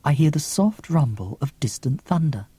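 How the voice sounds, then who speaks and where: Theatrical husky-voiced male storyteller. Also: fairly high pitch, very animated, normal speed, dark tone, no room sound. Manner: theatrical, lots of gasps and whispers. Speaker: audiobook reader. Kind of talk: expressive audiobook narration.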